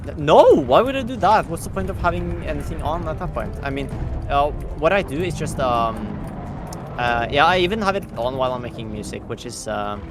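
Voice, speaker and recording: Young guy co-op gaming, deadpan sarcastic, music going in the background. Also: fairly high pitch, a little fast. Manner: sarcastic, deadpan ironic jokes. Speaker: guest co-player. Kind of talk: casual gaming chat. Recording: music clearly playing behind.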